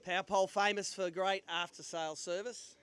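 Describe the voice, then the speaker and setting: A man's voice: sits high, fairly even intonation, brisk, fairly bright tone, clear, resonant tone. A man hosting a live fishing weigh-in, chatty and upbeat with jokey banter. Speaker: tournament weigh-in host. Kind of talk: live event hosting and quick interviews. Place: outdoor weigh-in stage at a sailing club.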